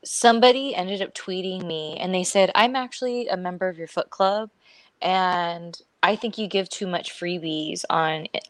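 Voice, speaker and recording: A woman's voice: on the low side, normal speed, no room sound. A woman co-hosting a podcast, telling a long story in casual chat, acting out what people said and laughing often. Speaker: podcast co-host.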